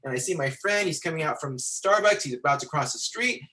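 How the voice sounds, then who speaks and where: A man teaching storytelling to visual artists, animated and rambling with many fillers and restarts, talking into a computer on a video call. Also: on the high side, fairly quick, poor audio. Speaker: storytelling instructor. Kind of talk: lecture with acted-out anecdote.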